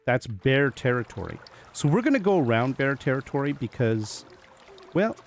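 A man's voice: medium pitch, sing-song, moderate pace, a little hiss or hum. A man giving casual gameplay commentary, chatting to the animals he meets and laughing often as he plays. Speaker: gaming video host.

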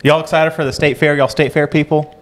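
A man's voice: fairly high pitch, little pitch movement, brisk. Laid-back podcast host man. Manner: laid-back, short quips. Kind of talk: casual podcast chat.

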